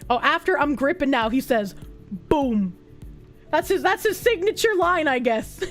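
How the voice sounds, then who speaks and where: A high-pitched young woman talks to her stream chat, reading messages aloud and mocking them in lowered voices. Her commentary is candid and sarcastic, broken up by frequent laughter. Faint music plays underneath. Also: very animated, a little fast. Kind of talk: live-stream reaction chat.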